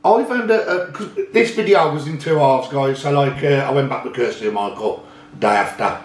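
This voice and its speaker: A man's voice: mid-range voice, moderate pace, roomy sound, slight background noise. A man hosting a magnet fishing channel, chatting casually and rambling a little as he shows his finds. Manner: chatty, rambling, self-correcting. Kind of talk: casual chat showing finds.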